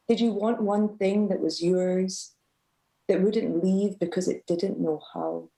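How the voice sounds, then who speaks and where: A woman, a student poet, reading her poem aloud at a live event with a measured, emotive delivery. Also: medium pitch, steady tone, mellow, low-quality recording. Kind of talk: poetry reading.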